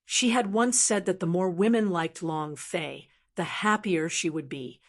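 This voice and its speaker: A woman narrating a translated fantasy novel as an audiobook in a steady reading voice. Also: on the low side, measured pace. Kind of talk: scripted narration.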